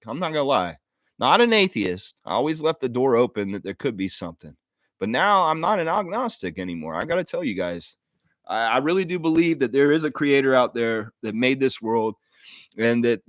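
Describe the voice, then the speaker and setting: The host of a basketball fan live stream speaks in a mid-range voice on a dry mic. His unscripted monologue is earnest, emotional, heartfelt and apologetic, with many restarts.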